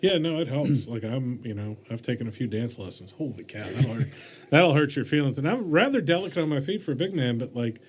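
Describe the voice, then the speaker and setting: A man's voice: mid-range voice, animated, a little fast. Man, podcast host, chatty and rambling, mid-range voice, faint hiss behind. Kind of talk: casual podcast interview.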